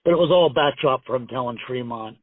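A man's voice: medium pitch, fast, dry recording. A man guesting on a call-in interview, telling rambling, profane stories full of acted-out quotes. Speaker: guest pro wrestler. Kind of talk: casual storytelling interview. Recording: tinny phone line, dry.

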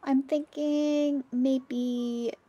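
A woman streaming a game and chatting casually with her viewers, bubbly and greeting them by name, with a slightly hoarse morning voice. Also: high-pitched, fairly even intonation, extremely slow, mellow, dry recording, muffled recording. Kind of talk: casual livestream chat.

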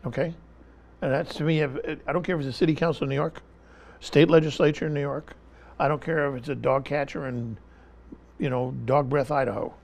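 A man with a fairly high, gravelly voice speaks as an interview guest. He delivers impassioned political commentary and hammers the same point again and again. He keeps talking through interruptions. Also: fairly even intonation, a little fast, a little mellow. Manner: emphatic, repeats his point, talks over interruptions.

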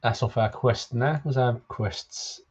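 A man co-hosting a game playthrough in relaxed casual chat, guiding his partner along. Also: mid-range voice, measured pace, breathy edge. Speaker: co-host playing a video game. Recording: dull lo-fi recording.

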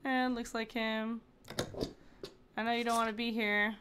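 A woman streaming games in casual chat, excitable and exclaiming often, on a desk microphone. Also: a little high, unhurried, over music. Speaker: game streamer. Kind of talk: casual gaming livestream chat.

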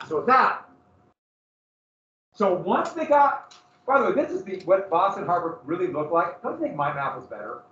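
Male teacher, classroom lecture, lively and questioning, higher voice, roomy room sound. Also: normal speed, long pauses. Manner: animated storytelling, asks the class questions. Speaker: history teacher. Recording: roomy, distant, dull classroom recording.

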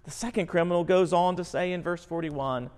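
A man's voice: sits high, steady tone, a little fast, a little mellow. A male pastor preaching a sermon in an earnest, emphatic way. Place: church sanctuary. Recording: long church hall reverb.

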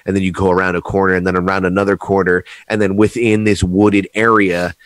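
A man's voice: low-pitched, brisk, no echo. A young man, telling rowdy stories with lots of swearing in a casual chat. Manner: animated storyteller, swears a lot, acts out quotes loudly. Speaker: podcast guest.

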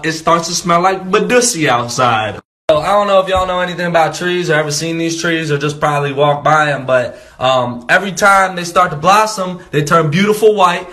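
A man's voice: on the high side, pushed and bright. A man comedian telling comic stories in a chatty, profane way, often turning to viewers with asides. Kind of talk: comic storytelling.

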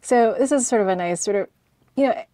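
A woman's voice: a little high, a little fast, mellow, no echo, clean studio sound. A woman, an emergency physician, teaching a review lesson in a chatty way, with frequent "sort of" and "right?". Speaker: medical educator. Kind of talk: conversational review lecture.

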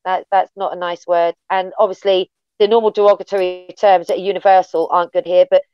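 An English woman talking as an interview guest, blunt and animated, swearing freely as she tells stories. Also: on the low side, brisk, clean tone, no room sound, highs cut off. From England. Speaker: wrestling guest. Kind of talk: casual interview chat.

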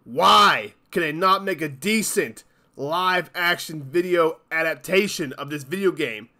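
A man's voice: a little high, a little slow, sharp tone. A man hosting his own channel, delivering an exasperated, profanity-laden ranting commentary with heavy emphasis. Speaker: YouTube channel host.

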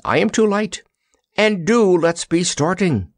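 A man's voice: on the high side, huge pitch swings, slow pace, creaky, dry recording, studio quality, voice pushed up, heavily acted. A man doing an earnest, fussy scarecrow. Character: earnest, fussy male scarecrow, light and kindly.

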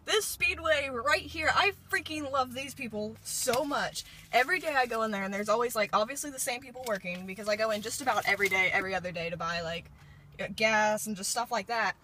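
A vlogger in her late teens from Indiana chats in a rambling, bubbly way for a casual vlog, holding her phone at arm's length inside a parked car. Her voice is on the high side, fairly quick, pushed, and bright, with a little hiss or hum, and she uses lots of filler words.

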